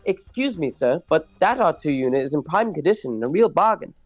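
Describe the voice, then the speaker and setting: A man's voice: fairly high pitch, big pitch swings, a little fast, no echo, faint music behind, voice pushed up. A man voicing a fussy, anxious male protocol robot who frets, complains and speaks primly. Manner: prim, fretful, complaining.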